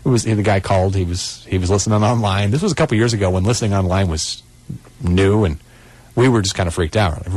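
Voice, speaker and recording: A man's voice: on the low side, fast talker, a little mellow, no echo. A man hosting a radio show from a studio, chatting casually and animatedly with his co-host and laughing easily. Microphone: studio microphone.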